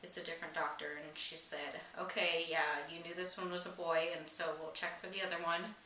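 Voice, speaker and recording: A woman's voice: on the low side, little pitch movement, brisk, sharp tone. A young woman candidly telling a personal, emotional story in a vlog, rambling with many fillers. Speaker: vlogger. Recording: echoey room, distant mic, faint hiss.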